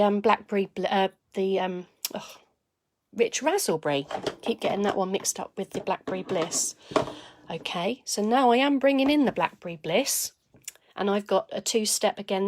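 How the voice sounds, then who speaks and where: A woman leads a live crafting demonstration, talking her viewers through each step of her stamping. She greets people by name as she works and slips into quiet asides while her hands are busy, with a middle-pitched voice. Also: background noise. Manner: chatty, greets viewers by name mid-task. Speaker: papercraft demonstrator.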